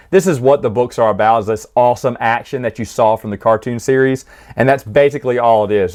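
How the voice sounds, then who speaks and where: A man hosting a casual spoken recap of a book series, chatty, with frequent restarts, fillers and laughs. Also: mid-range voice.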